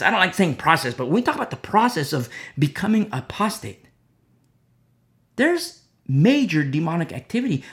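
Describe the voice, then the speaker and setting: Male preacher, impassioned sermon delivery, gravelly edge, wide swings in pitch, repeats for emphasis. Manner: impassioned, repetitive, swings between loud and hushed.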